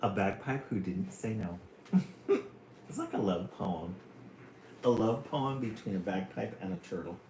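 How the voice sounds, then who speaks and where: A man's voice: on the low side, very animated, a little mellow. A man hosting a live stream, reading children's poems aloud in a playful way. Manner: slow, playful, chuckling between poems. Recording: roomy room, faint hum.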